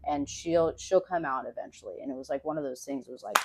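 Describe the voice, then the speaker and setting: A woman's voice: a bass voice, quick pace, husky. A young adult woman speaking as a podcast guest in casual, heartfelt conversation, frank and rambling, with many "like" fillers and casual swearing. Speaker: podcast guest, host's wife.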